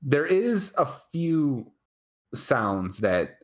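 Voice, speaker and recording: A man's voice: mid-range voice, sing-song. A man with a Wisconsin accent co-hosting a casual live chat show. He laughs often and keeps checking in with "right?". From Wisconsin, USA. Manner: chatty, laughs often, fills pauses with "um" and "right?". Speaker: co-host.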